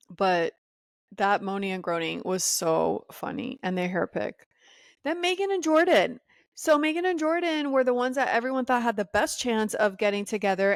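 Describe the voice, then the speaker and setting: A woman's voice: mid-range voice, dry recording. Sassy woman ranting on her podcast. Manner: opinionated, sassy, ranting with laughs. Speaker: podcast host. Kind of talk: solo podcast commentary.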